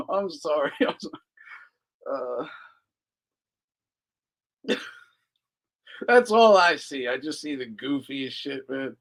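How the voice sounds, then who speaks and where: A man's voice: on the high side, expressive, drawn-out words, pauses often, a bit bright. A man hosting a casual live commentary stream, profane and mocking, laughing often. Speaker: host.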